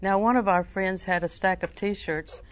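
A woman's voice: medium pitch, moderate pace. An older woman preaching a sermon in a folksy, storytelling way, with emphatic repetition.

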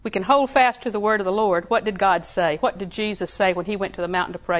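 Woman, preaching, folksy, laughing, repetitive, medium pitch. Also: fast, few pauses. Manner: folksy, laughing, repeats phrases softly. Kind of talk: sermon.

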